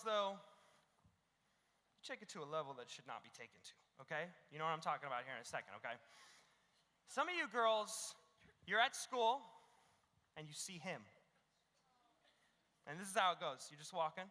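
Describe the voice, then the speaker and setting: High, bright-voiced youth pastor. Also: male voice, big-room sound. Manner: animated and joking, acts out little scenes; keeps adding "okay?". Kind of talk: youth sermon.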